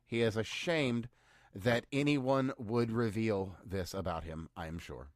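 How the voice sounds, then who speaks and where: A man's voice: fairly low pitch, a little slow, no echo. A man co-hosting a podcast, giving news commentary in a dry, sarcastic way with mock-cheerful asides. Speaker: podcast co-host.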